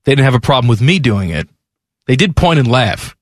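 A man's voice: mid-range voice, very animated, fairly quick, no echo, studio quality. A man co-hosting sports talk radio, joking wryly and reading ads with a playful edge.

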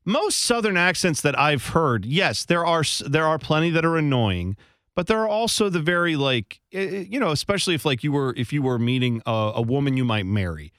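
A man's voice: fairly high pitch, expressive, brisk, a bit bright, no echo, clean studio sound. A man co-hosting a podcast in casual chat, rambling and hedging as he talks. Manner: rambling, hedging, chuckles often. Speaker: podcast co-host.

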